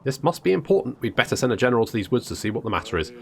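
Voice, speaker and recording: A man's voice: mid-range voice, very animated, racing, vocal fry. A man voicing a female royal advisor who reports politely and matter-of-factly. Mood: businesslike. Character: woman royal advisor, calm and businesslike.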